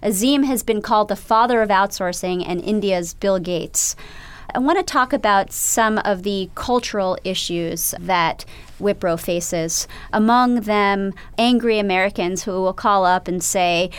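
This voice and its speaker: A woman hosting a radio interview show, narrating and asking measured, probing questions. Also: medium pitch, clean tone.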